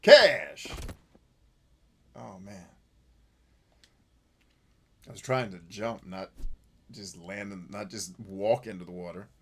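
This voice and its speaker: A man hosting casual gameplay commentary, joking crudely and yelling at characters on screen. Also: low-pitched, steady tone, takes it slowly, long pauses, a little hiss or hum. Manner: crude, goofy joking, shouting at the game. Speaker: gaming channel host.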